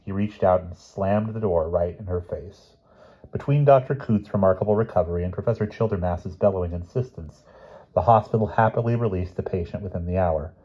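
A man reading a novel aloud as an audiobook narrator, steady, with small slips and restarts. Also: low-pitched, a little fast, husky, muffled recording. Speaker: audiobook reader.

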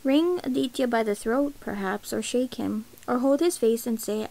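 A woman reads a novel aloud in a steady, even way. Her voice is a touch high and has a gravelly texture. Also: normal speed, few pauses, poor audio. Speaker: narrator. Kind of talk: audiobook reading of a novel.

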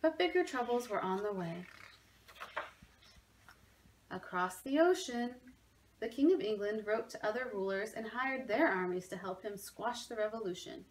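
A woman reads a children's story aloud at home, expressive and clear as she lets the narration rise and fall. Her voice sits at a middle pitch, with faint background noise. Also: normal speed, pauses often, low-quality recording. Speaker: museum education manager.

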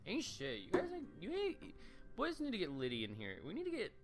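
A man's voice: high voice, huge pitch swings, fairly quick, faint music behind. A young man giving joking, profane gameplay commentary into a desk mic on a stand, with sudden shrieking outbursts. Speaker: gaming streamer.

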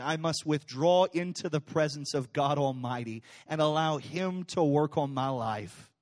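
A male pastor preaching a sermon in a church, animated and conversational, swinging between loud, intense passages and hushed, soft ones. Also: a little high. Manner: casual, conversational phrasing with fillers. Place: church sanctuary.

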